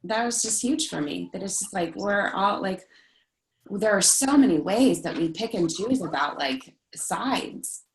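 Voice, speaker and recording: A woman's voice: medium pitch, animated, a little slow, roomy sound, low-quality recording. A woman in a casual group discussion, telling a rambling personal story with lots of "like" and restarts. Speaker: group member sharing a story.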